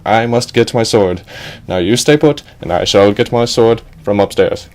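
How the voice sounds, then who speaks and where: A man's voice: fairly low pitch, normal speed, darkish tone, natural voice. A man voicing a dim-witted, cocky young warrior who talks in a brash, blustering way.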